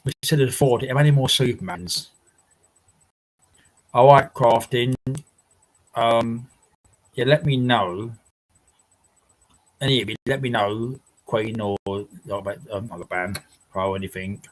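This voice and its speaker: A man's voice: medium pitch, takes it slowly, long pauses, rough recording. A man hosting a casual livestream from his house, chatting with viewers in a rambling way, laughing often and swearing now and then. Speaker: livestream host. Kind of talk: casual chat reading viewer comments.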